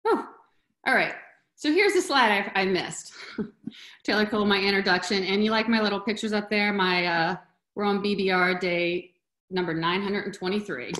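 A woman talks over a video call, casual and heartfelt, sometimes getting choked up. Her voice sits at a middle pitch. The room is noticeably echoey. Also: moderate pace, fairly bright tone. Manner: emotional, chokes up at times. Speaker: webinar presenter.

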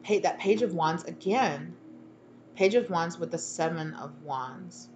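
A woman's voice: lowish voice, measured pace, a little mellow, faint music behind. A woman giving a casual channeled tarot reading, sassy and slangy, laughing at herself. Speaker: tarot reader.

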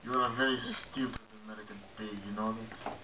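A man's voice: on the low side, fairly even intonation, quick pace, lightly acted. A man playing a scornful tough guy spitting insults. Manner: scornful, insulting, mixes in Spanish words. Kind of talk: amateur comedy skit. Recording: roomy, distant, muffled home camera with hiss.

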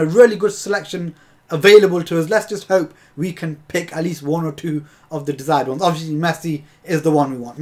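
A young gaming video host with a high-pitched voice gives casual commentary while opening game packs. He's chatty and exasperated, laughing his way through the disappointment.

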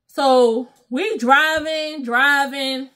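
A woman's voice: high voice, extremely slow. A young woman casually telling a story to her viewers, acting out what everyone said with exclamations and slang. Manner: animated, acts out quotes with exclamations and slang. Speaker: storytime vlogger.

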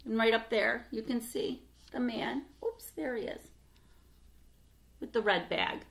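A woman reading a picture book aloud for children, expressive, with asides to her listeners. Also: on the high side, a little slow, creaky. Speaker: storytime reader.

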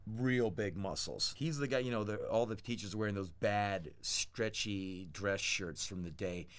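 A man in his thirties from the United States, telling blunt, animated stories about his childhood in an interview. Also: on the low side, normal speed. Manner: blunt, animated anecdotes, acts out quoted voices. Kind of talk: candid storytelling interview.

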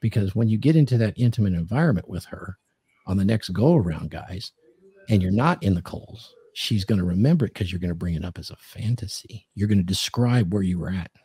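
A man's voice: sits low, lively intonation, brisk, warm tone, husky, no echo. A man hosting a podcast, giving dating advice in casual chat and acting out quoted lines in a commanding tone.

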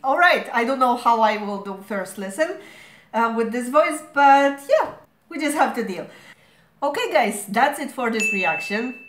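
A woman hosting a reaction video, gushing as an excited fan with a hoarse voice worn out from screaming. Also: on the high side, a little slow. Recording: echoey room.

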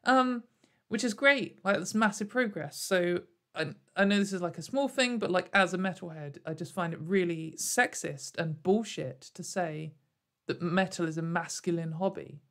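A woman's voice: on the low side, moderate pace. A young woman YouTuber talking sarcastically to camera in a casual commentary, rambling with many fillers and frequent laughs. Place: at home in front of a camera.

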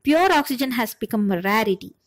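A woman's voice: on the high side, animated, brisk, no echo, lightly acted, poor audio. A woman voicing the wind, which apologizes and explains itself in a storybook. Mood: apologetic. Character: apologetic, helpless polluted wind.

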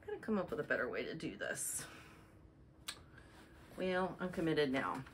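A chatty woman with a lowish voice talks through her stitching projects, rambling and correcting herself mid-sentence. A faint room hum sits behind her. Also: big pitch swings, normal speed. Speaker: flosstube host. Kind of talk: casual show-and-tell chat.

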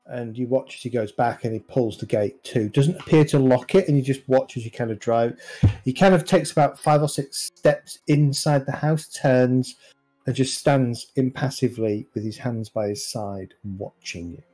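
A man narrating as game master of a tabletop game over an online call, describing scenes at an unhurried pace. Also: mid-range voice, dark tone, soft background music, poor audio.

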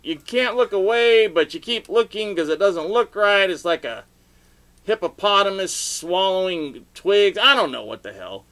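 Middle-aged man, casual vlog storytelling, rambling, animated, loud outbursts. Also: sits high, moderate pace. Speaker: vlogger telling stories.

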